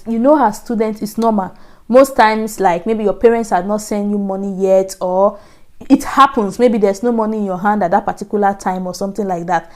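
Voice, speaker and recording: A woman's voice: medium pitch, steady tone, brisk. Chatty woman vlogger. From Nigeria. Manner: chatty, repetitive, laughing asides. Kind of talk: casual storytelling to camera.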